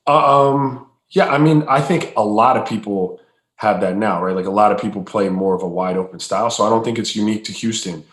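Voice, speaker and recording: A former basketball player telling stories in a relaxed, casual way. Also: male voice, fairly low pitch, brisk. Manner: relaxed, storytelling, many fillers. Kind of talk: casual storytelling. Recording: roomy echo.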